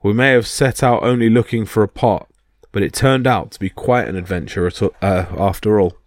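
A man's voice: lowish voice, moderate pace, no echo, studio quality, close to an everyday voice. A man voicing a loyal, friendly male warrior god who praises his companion. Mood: cheerful.

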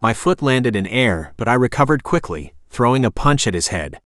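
Audiobook narrator, male, mid pitch, steady first-person storytelling, dead-dry booth sound. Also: moderate pace, no echo.

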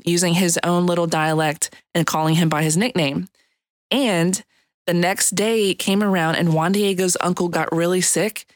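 A woman's voice: fairly low pitch, no echo. A woman with a Louisiana Cajun accent giving a light-hearted, chatty devotional reflection on a podcast. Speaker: podcast contributor.

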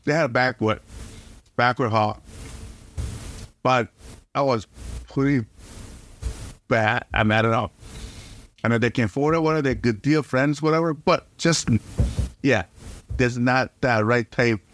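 Man, podcast host, halting rambling storytelling, mid-pitched voice. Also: a bit bright, a little hiss or hum. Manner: halting, rambling, lots of restarts and fillers. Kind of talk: casual storytelling monologue.

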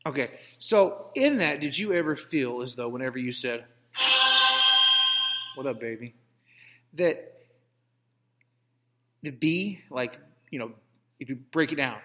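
A man's voice: fairly high pitch, lively intonation, measured pace, pauses often. A man co-hosting a comedic banter show, telling stories in a playfully pompous, mock-grand manner. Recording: long hall reverb.

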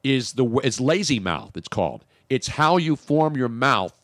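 A man's voice: mid-range voice, big pitch swings, normal speed, dry recording, studio quality. A man with a Philadelphia accent co-hosting a radio show, bantering in an opinionated, rambling, jokey way.

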